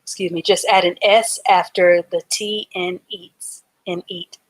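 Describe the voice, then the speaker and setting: A woman's voice: on the low side, fairly even intonation, unhurried, hardly any pauses, dry recording. A woman teaching a live online reading class, patiently sounding out words letter by letter and syllable by syllable.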